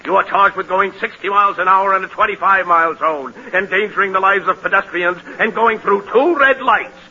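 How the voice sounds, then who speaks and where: An actor playing a stern, pompous judge in 1940s radio comedy, scolding the defendant. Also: male voice, high-pitched, fairly quick, bright, forceful tone, breathy edge, heavily acted. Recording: dull hissy 1940s radio broadcast.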